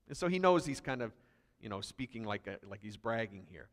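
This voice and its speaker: A man's voice: medium pitch, brisk, fairly bright tone, long reverb tail. A man pastor preaching a sermon emphatically, reading scripture aloud with growing intensity. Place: church hall.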